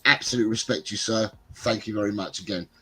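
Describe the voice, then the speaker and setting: A man's voice: fairly low pitch, fast talker, sharp tone, husky, low-quality recording. A man with a blocked nose from a cold, speaking as a regular on a casual football live stream. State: congested with a cold. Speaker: show regular.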